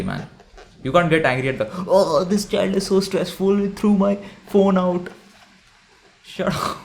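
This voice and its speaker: A man's voice: mid-range voice, slight background noise. A young man giving a blunt, provocative monologue full of rhetorical questions. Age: young adult. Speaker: vlogger. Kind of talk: direct-to-camera monologue.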